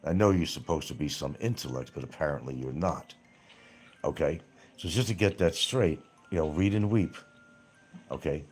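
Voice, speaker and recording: Over faint background music, a man with a very deep, husky, darkish voice speaks at a normal speed on his own livestream show. He mocks and confronts absent critics in a rant, hammering the same points again and swearing freely.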